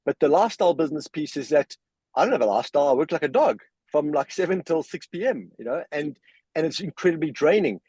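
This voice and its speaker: A man's voice: a little high, expressive, fast talker, a little mellow, husky, no echo, low-quality recording. A man in a casual podcast discussion, telling anecdotes and making his points with emphasis. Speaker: regular guest.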